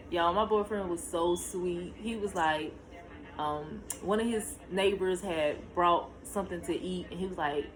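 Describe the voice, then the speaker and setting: A young woman telling her own story to camera in a casual vlog, talking straight to her viewers and jumping high in pitch when she relives tense moments. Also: rough recording. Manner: talks to viewers directly, shushing her child between lines.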